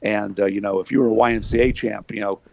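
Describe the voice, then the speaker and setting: Gravelly older man telling stories. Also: fairly low pitch, fairly even intonation, fast, darkish tone, dry recording, dull audio. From Pennsylvania, USA. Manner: folksy, full of fillers, laughs while telling stories. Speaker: interview guest, former wrestler. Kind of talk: storytelling in casual chat.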